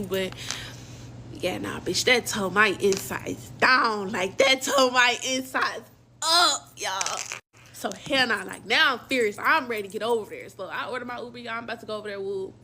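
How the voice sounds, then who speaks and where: A woman's voice: mid-range voice, pushed and bright, a little hiss or hum. A young woman casually telling a personal story in slang, acting out quoted dialogue as she goes. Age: young adult.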